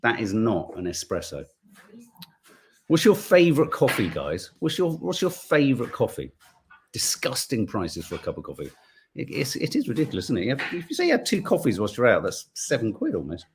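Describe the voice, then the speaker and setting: A man's voice: medium pitch, wildly swooping pitch, a little fast, slight background noise. A man hosting a live show, chatting casually and playfully while reading out viewer comments.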